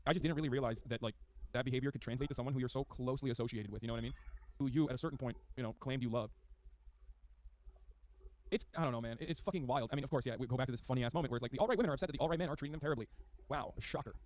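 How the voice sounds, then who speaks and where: Man, streamer, rapid-fire delivery, profane, exasperated, reads text aloud. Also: mid-range voice. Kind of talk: live-stream reaction commentary.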